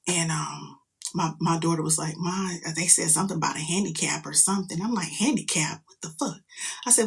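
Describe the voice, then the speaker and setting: A middle-aged woman, a mother, telling a story in casual chat, animated and profane, jumping into loud quoted outbursts. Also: fairly low pitch, fairly quick, vocal fry, slightly rough.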